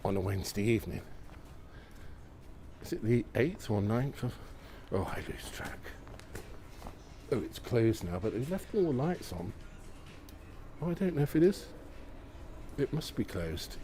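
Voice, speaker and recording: This man's animated, mid-range voice runs a little slow, with long pauses, as he streams a walk outside on a snowy, windy night. Filming on an iPhone with a gimbal, he exclaims at the views with mild enthusiasm and keeps asking viewers questions.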